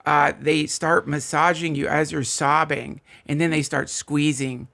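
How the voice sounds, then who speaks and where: A man telling an absurd story in a studio as a podcast guest, earnest and deadpan. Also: fairly high pitch, a little slow, gravelly. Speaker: comedian guest.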